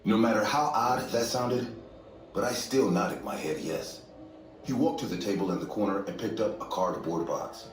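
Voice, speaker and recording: Low steady guy reading a creepy story, sounds far from the mic in a roomy space. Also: moderate pace. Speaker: story narrator. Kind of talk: scripted horror story narration. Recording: echoey distant room, faint music.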